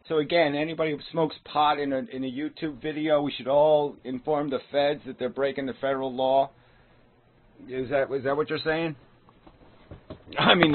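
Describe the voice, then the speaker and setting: Husky, profane man ranting on a tinny line. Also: a little high. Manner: profane, combative, sarcastic. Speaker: video commentator. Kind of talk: angry response video rant. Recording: tinny phone-like sound.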